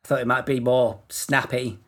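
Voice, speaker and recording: Brief: male podcast co-host, mid-pitched, dry deadpan storyteller. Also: normal speed. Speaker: podcast co-host presenting facts. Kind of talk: casual comedic podcast chat.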